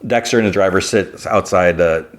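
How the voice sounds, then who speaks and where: A man's voice: deep voice, normal speed. A man hosting a podcast, casually recapping an episode in a rambling way with asides. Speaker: podcast host.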